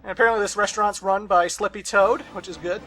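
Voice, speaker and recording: Bright-voiced young man gaming commentary. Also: sits high, steady tone, fast talker, soft background music. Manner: sarcastic, ranting asides, swears. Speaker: let's play host. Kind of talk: casual game commentary.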